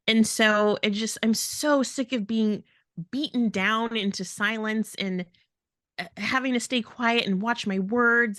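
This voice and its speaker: A woman's voice: on the high side, a bit bright, dry recording, studio quality. A woman co-hosting a podcast in casual talk, speaking in an emphatic, indignant way. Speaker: podcast co-host.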